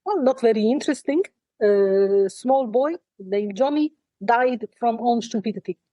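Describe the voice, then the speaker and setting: A woman channelling an ancient, wise spirit in trance, speaking in a calm, measured and dryly wry way, at times in a soft, breathy near-whisper. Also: a little high, dry recording, highs cut off, close to an everyday voice. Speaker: trance medium.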